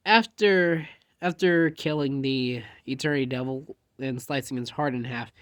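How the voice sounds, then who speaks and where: A man's voice: on the high side, no echo. A man casually telling a rambling fan story, jumping animatedly into quoted dialogue.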